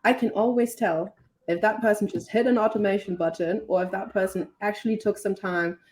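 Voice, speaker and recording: A woman from Germany, a guest expert giving advice in a relaxed, conversational way. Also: mid-range voice, a little fast, poor audio. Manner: relaxed, conversational, frequently adds "right?". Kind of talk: casual advice chat.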